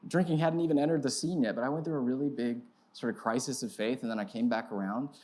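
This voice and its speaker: A man's voice: mid-range voice, fast talker, a little mellow. A man in his thirties preaching as a pastor, telling a self-mocking story with big swings in his voice. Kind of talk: storytelling sermon. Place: church sanctuary.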